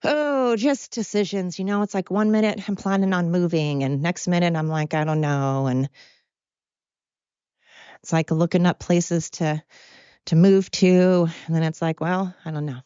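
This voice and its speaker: A woman's voice: on the low side, unhurried, mellow, clean tone, no room sound, lo-fi sound. A tired woman hosting her podcast at home, talking in a rambling, candid monologue. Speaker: podcast host. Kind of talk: casual personal monologue. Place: at home with pets.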